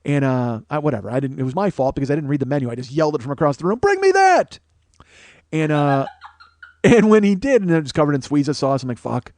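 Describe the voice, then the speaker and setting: A man's voice: medium pitch, very fast, a little mellow, no echo. A man host telling a rambling, profane comedic story as a monologue.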